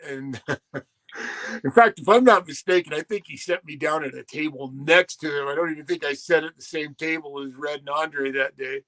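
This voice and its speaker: Give me a man in his sixties with a fairly high, bright voice, telling rambling, salty anecdotes. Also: moderate pace. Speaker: guest, former pro wrestler. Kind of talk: casual storytelling.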